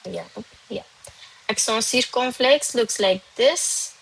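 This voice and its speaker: A woman's voice: a little high, slow, vocal fry, fairly bright tone, husky, low-quality recording. A woman, not a native French speaker, teaching a live online French class. She switches between English and French and calls on students by name from the chat.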